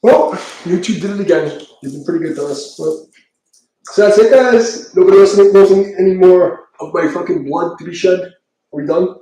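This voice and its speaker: A man's voice: sits high, moderate pace, dark tone. A man chatting casually and profanely on a live stream as a tarot reader, rambling and laughing often. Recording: very echoey room, mic far off.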